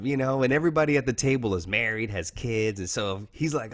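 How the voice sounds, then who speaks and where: A man's voice: medium pitch, animated, fairly quick, hardly any pauses. A man, talking earnestly and openly as an interview guest, often saying "man" and "you know". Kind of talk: candid interview talk.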